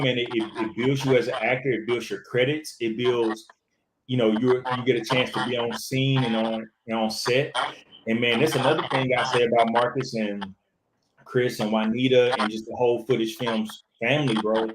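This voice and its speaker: A man, an actor, talking casually in an interview, animated and full of restarts and fillers. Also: mid-range voice, moderate pace, roomy sound, background noise. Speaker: actor, podcast guest.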